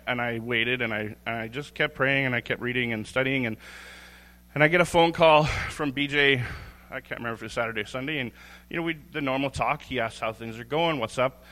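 A man's voice: mid-range voice, normal speed, bright, forceful tone. A man giving an informal, candid church sermon, chuckling and restarting his phrases as he talks. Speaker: lay preacher. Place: church sanctuary. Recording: long hall reverb.

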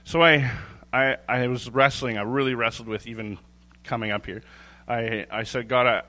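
A man's voice: mid-range voice, steady tone, normal speed, bright, forceful tone. A man giving an informal, candid church sermon, chuckling and restarting his phrases as he talks. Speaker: lay preacher. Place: church sanctuary. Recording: long hall reverb.

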